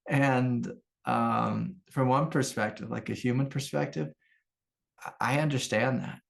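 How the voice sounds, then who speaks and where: A man's voice: medium pitch, steady tone, normal speed, gravelly. A middle-aged American man, a meditation teacher, giving an informal, rambling spiritual talk full of anecdotes and fillers. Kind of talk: casual spoken satsang talk.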